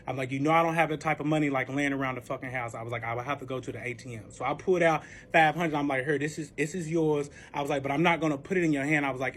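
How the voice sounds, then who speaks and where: A young man with a high-pitched voice tells a personal story in a casual, rambling way. He swears constantly and leans on "like" as a filler. He drops to hushed recounting and then flares into heated outbursts. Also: steady tone, quick pace. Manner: rambling, profane, full of "like" fillers.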